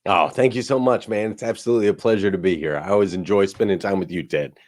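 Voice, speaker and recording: A man's voice: on the low side, fast, darkish tone. A man speaking as a guest speaker, telling a personal story with energy and often calling people "man.". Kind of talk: storytelling talk.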